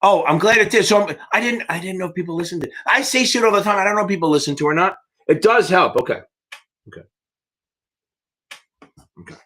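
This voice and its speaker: A man's voice: high-pitched, fast talker, pauses often, pushed and bright. A man hosting a live exam-prep Q&A stream, talking in a rambling, profane, cheerleading way. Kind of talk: livestream Q&A chat.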